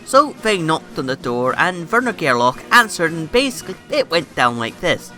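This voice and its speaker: Bright, lively sarcastic woman. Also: deep voice, moderate pace, few pauses, faint music behind. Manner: sarcastic, irreverent, swears casually. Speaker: comedy history narrator. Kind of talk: comedic history narration.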